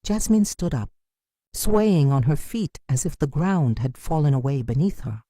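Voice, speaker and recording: Woman reading a dramatic story aloud, warm mellow tone, lively pitch, dry close sound. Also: dry recording. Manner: measured, emotional storytelling delivery. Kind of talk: first-person dramatic story narration.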